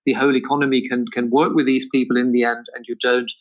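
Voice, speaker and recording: A man from Germany, a guest in an interview, explaining in a measured way with frequent restarts. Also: mid-range voice, little pitch movement, dull audio. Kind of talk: conversational interview answers.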